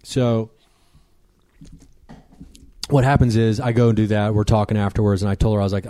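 A man who is a podcast guest, telling a rambling, animated story in casual conversation, with many fillers. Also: on the low side, normal speed, long pauses, dry recording, studio quality.

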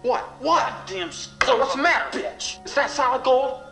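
A man's voice: very high voice, normal speed, pushed and bright, echoey room, soft background music, pitched above the performer's own voice. A man voicing a crude, boorish male villain from a film, with a taunting manner.

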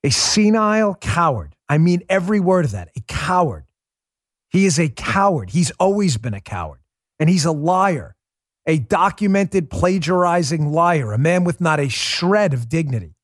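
A man from New York City hosting a podcast, delivering a heated, sarcastic political monologue that rises into shouts. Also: fairly high pitch, big pitch swings, normal speed, no room sound, clean studio sound. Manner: combative, sarcastic, rising to shouts. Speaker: podcast host.

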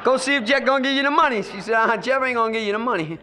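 A man giving personal testimony at a recovery meeting. He tells his story with lively acted-out dialogue and drops to a hush at times. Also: very high voice, very fast. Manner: storytelling, acts out quoted voices, swings between loud and hushed.

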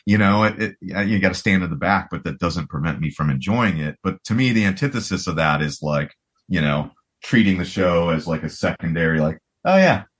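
Deep low man, forties, rambling podcast chat, lots of fillers. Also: brisk, a bit bright, breathy edge. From United States. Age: 40s. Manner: rambling, full of "you know" and restarts. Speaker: guest rock guitarist. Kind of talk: casual podcast conversation.

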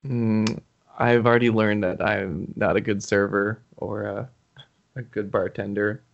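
A man's voice: lowish voice, flat delivery, a little slow, vocal fry, muffled recording. A young man answering interview questions in a thoughtful, hesitant way, restarting his sentences. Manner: thoughtful, hesitant, restarts often, gets emotional. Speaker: interview guest, YouTuber.

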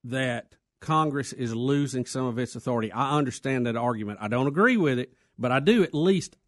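Male radio co-host, animated pitch, blunt, dry close sound. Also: fairly quick, dry recording. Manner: blunt, emphatic. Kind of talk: call-in talk radio.

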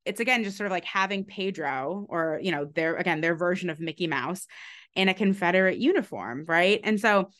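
A woman historian speaks in a fairly low voice, working through her explanation with many fillers and quick restarts. She laughs lightly now and then as she talks about her book in an unscripted podcast interview. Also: fairly bright tone. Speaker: author and historian.

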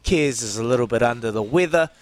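A man's voice: mid-range voice, expressive, quick pace, no echo. A man with a New Zealand accent hosting a breakfast radio show, upbeat and teasing in casual chat. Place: radio studio.

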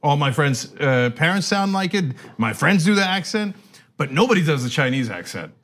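Male co-host who tells animated stories and laughs often. His voice is fairly high and swings widely in pitch. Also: moderate pace. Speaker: podcast co-host. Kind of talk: casual chat.

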